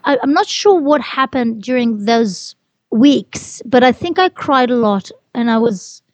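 A woman's voice: a little high, lively intonation, unhurried, dry recording. A woman telling her personal story as an interview guest, earnest and repeating herself as she goes. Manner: earnest, repeats phrases, restarts.

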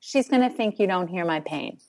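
An older woman speaking as a guest expert in a conversational interview, thoughtful and measured, pausing with fillers as she explains. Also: on the low side, expressive, darkish tone.

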